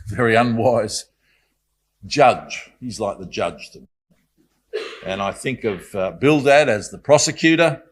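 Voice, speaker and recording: A man's voice: lowish voice, a bit bright. A man giving a Bible study talk in a conversational, reflective way, with apologetic asides. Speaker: Bible speaker.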